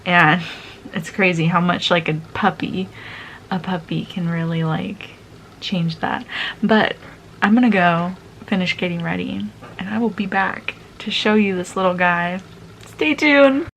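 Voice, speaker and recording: A woman's voice: fairly low pitch, unhurried, fairly bright tone, slight background noise, rough recording. Chatty young woman vlogging. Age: 20s. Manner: chatty, laughs often, acts out quoted voices. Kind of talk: casual get-ready-with-me storytelling. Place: at home, indoors.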